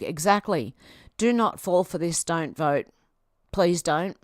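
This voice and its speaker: Australian woman in her fifties, livestream host, reading comments aloud, lowish voice, dry close sound. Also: a little slow, no room sound. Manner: chatty, reads comments aloud and answers them. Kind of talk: casual livestream chat reading viewer comments.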